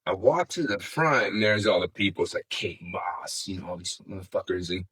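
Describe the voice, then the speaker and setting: A man's voice: sits low, animated, fairly quick, a bit bright, breathy edge, poor audio. A middle-aged man telling a story as an interview guest in casual, rambling talk, swearing freely and saying "man" often. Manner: rambling, laid-back, peppered with "man" and swearing.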